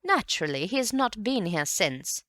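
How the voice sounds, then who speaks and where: Woman doing a fussy society mother, high and swooping, emphatic, gossipy, dry close sound. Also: big pitch swings, moderate pace, a bit bright, no echo. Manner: emphatic, gossipy and self-important. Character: gushing, indignant middle-aged society mother. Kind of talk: audiobook character voice.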